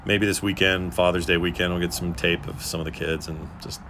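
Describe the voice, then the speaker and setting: A man's voice: low voice, little pitch movement, brisk, sharp tone, slight background noise. A man in his fifties co-hosting a podcast in casual chat, joking and rambling with puns. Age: 50s. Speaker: podcast co-host.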